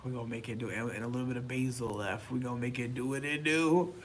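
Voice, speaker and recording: A man chatting casually to camera, animated and profane, swinging from loud outbursts to mumbled asides. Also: mid-range voice, fast, a little hiss or hum. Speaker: vlogger.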